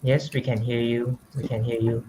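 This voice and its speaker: A man hosting an online session, asking questions in a relaxed, unhurried way over a video call. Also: medium pitch, a little hiss or hum, low-quality recording. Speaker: host.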